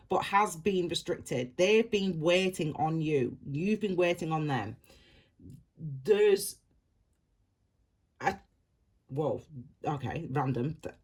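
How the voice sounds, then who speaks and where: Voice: medium pitch, slightly rough. A tarot reader giving a casual reading to the viewer, talking straight to them in a rambling way and repeating phrases over and over. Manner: reassuring, direct address to viewer.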